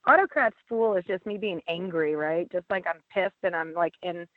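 A woman's voice: on the low side, moderate pace, no room sound. A woman who writes a band's lyrics, talking casually in an interview, blunt and swearing freely, with lots of fillers. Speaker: band lyricist and singer. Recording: tinny phone-like line, dry.

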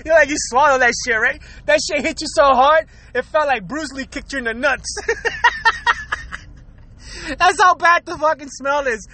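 A man with a very high, bright voice rants loosely through his own show. He swears freely, laughs between thoughts and stumbles over repeated words. The delivery is loose and chatty. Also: moderate pace, long pauses, no echo. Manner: laughs often between lines, profane and rambling; repeats words and restarts while talking. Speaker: podcast host. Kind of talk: casual comedic rant.

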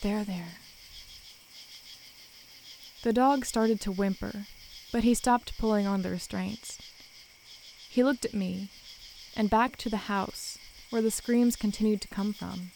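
A woman narrating a first-person horror story in a calm, measured way. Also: mid-range voice, gravelly, a little hiss or hum, poor audio.

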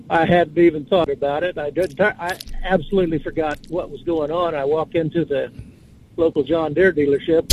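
A man's voice: on the high side, darkish tone. A man calling in to a radio talk show, casually rambling and spelling out words as he muses. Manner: rambling, musing storyteller who spells out words. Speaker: caller. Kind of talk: casual call-in chat. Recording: tinny phone line with faint hiss.

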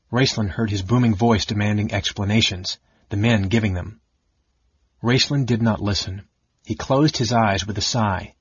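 A man reading an audiobook in a measured, dramatic narration. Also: on the low side, slightly rough, dry recording, dull audio.

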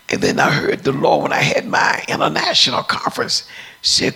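Deep-voiced gravelly woman preacher. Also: very animated, normal speed, sharp tone. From United States. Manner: storytelling, acts out dialogue. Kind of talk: preaching testimony.

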